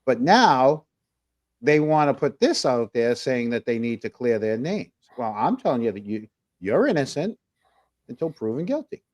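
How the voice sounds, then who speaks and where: A man's voice: medium pitch, very animated, moderate pace. Rambling New man on a talk stream. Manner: rambling, reads viewer comments aloud, many fillers. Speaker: podcast co-host. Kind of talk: casual livestream talk show.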